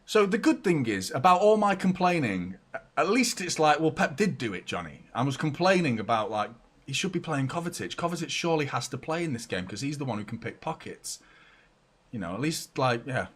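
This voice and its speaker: Brief: young man, football fan host, excitable live watchalong chatter, mid-pitched, talking from a room at home. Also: a little fast, breathy edge. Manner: excitable, chatty, swings between shouts and mutters. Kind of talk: live match watchalong commentary.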